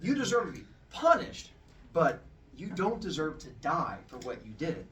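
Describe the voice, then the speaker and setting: A man voicing a proud, bossy female goddess who is quick to anger, in a commanding, exaggerated way. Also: fairly high pitch, big pitch swings, a bit bright, recorded from a distance, slight background noise. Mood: solemn. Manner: commanding, exaggerated, breaks into shrieks.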